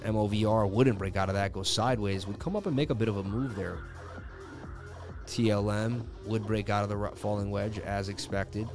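A man's voice: fairly low pitch, fairly even intonation, normal speed, music in the background. A man hosting a live crypto chart stream, chatting casually and joking with viewers in slangy speech. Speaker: crypto chart analysis livestream host. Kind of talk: casual live market commentary.

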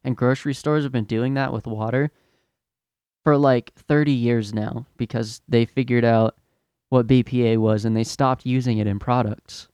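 Fed-up man ranting, smooth dry voice. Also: mid-range voice, steady tone, moderate pace, a little mellow, dry recording. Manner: fed-up, profane, exasperated ranting. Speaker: podcast host, retail worker. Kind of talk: ranting podcast monologue.

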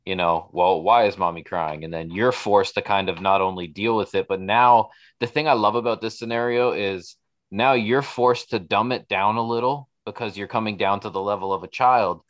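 A man's voice: lowish voice, moderate pace, fairly bright tone, no echo. A man hosting a podcast, talking in a rambling, casual way and swearing now and then. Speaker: podcast host.

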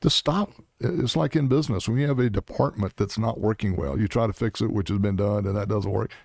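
Brief: middle-aged male political guest, gravelly and dark-toned, blunt and emphatic. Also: lowish voice, fairly quick, no room sound, studio quality. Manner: blunt, emphatic, punchy short commands. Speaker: Senate candidate guest. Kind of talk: political interview.

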